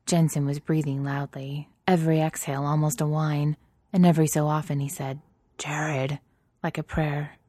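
A woman reads erotic fiction aloud in a soft, intimate, steady way, with breathy whispered touches. Her voice sits low and mellow with little melody. The recording is close and dry. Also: brisk, dry recording. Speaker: narrator.

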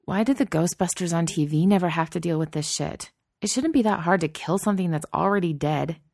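A woman's voice: fairly low pitch, fairly quick, vocal fry, darkish tone, dry recording, clean studio sound. A woman reading a story, voicing a blunt, sarcastic young woman who swears and talks tough. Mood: grumbling. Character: tough, fierce, self-mocking young woman smoker.

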